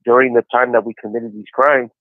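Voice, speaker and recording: A man in his forties, incarcerated and calling a podcast, speaks in a flat, brisk, mid-range voice. He chats casually and tells his story in an easygoing way, often saying "you know." The tinny prison line comes through a phone handset, and the recording is dry.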